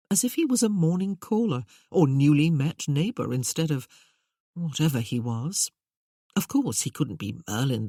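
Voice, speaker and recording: An audiobook narrator reading a period romance novel in an even, measured way. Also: mid-range voice, breathy edge, no room sound, clean studio sound.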